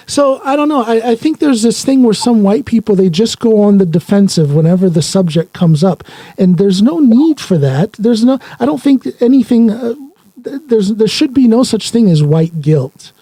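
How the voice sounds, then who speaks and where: A middle-aged man, a podcast host, talking earnestly in a casual conversation, often halting with fillers. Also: high voice, animated, warm tone, no room sound. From rural Ohio, United States.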